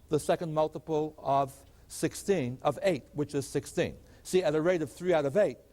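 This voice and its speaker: A man's voice: fairly high pitch, a little mellow. A man teaching a math lecture, explaining step by step and posing rhetorical questions to the class. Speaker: mathematics lecturer. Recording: long hall reverb.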